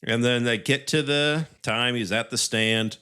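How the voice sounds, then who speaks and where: Bright-voiced man recapping a movie. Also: mid-range voice, measured pace, clean tone. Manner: animated retelling with acted-out quotes. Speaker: podcast co-host. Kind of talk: casual movie review chat.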